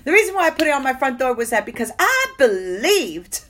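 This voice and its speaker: A woman's voice: sits high, normal speed. A woman giving a personal faith testimony, telling her story expressively and acting out what people said. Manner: emotional, expressive storytelling with acted-out quotes. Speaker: testimony speaker.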